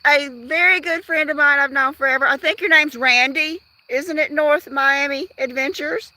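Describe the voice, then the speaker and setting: A woman with a high, bright voice rambles through a casual livestream. She talks straight to her viewers in an easygoing, chatty way, outdoors as evening falls. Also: moderate pace, few pauses. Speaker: livestream host. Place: outdoors at dusk.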